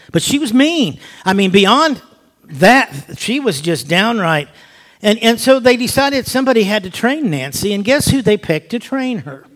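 Animated older man telling a testimony. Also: high-pitched, a little slow. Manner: animated storyteller who drops to soft, hushed tones. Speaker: speaker giving a personal testimony. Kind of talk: spoken testimony.

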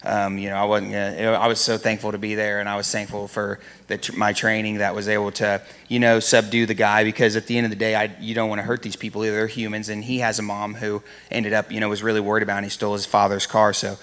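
A man standing up in church to tell a personal story, animated and acting out the voices of the people in it. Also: on the low side, quick pace, hardly any pauses. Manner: animated, acts out voices, laughs in places. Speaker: church member telling a testimony.

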